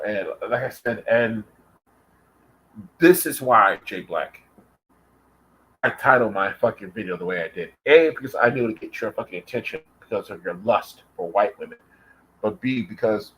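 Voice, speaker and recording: A man's voice: on the low side, expressive, normal speed, long pauses, a bit bright, rough recording. An American man delivering an angry, profane vlog rant, taunting and calling out his target directly. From United States. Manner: profane and confrontational. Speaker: vlogger.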